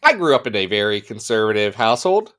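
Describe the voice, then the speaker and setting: A man's voice: fairly low pitch, big pitch swings, fast, a bit bright. A man co-hosting a comics podcast in casual, joking chat, playful and self-mocking. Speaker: podcast co-host.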